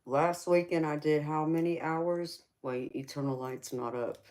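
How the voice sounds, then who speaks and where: Southern lady chatting slow on a livestream, calls everyone baby, teasing. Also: low voice, steady tone, a little mellow. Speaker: tarot reader and livestream host. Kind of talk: casual livestream chat with viewers.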